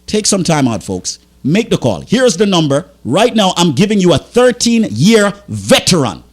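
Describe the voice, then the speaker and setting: A man's voice: high-pitched, sing-song, normal speed. A man hosting a radio show, agitated and pleading, tripping over his words as he urges listeners on in a studio. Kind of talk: impassioned radio sales talk.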